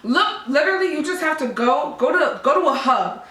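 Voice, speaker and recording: A woman's voice: high voice, expressive, a little fast, a bit bright, reverberant. A woman co-hosting a podcast, chatting casually in a blunt, profane, teasing way. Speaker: podcast co-host. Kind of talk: casual chat.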